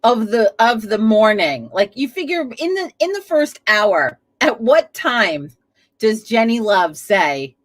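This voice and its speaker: A woman's voice: fairly high pitch, sing-song, slow pace. A woman hosting a casual live stream from home, chatty, laughing often and swearing freely. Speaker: livestream host. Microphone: webcam setup at a desk.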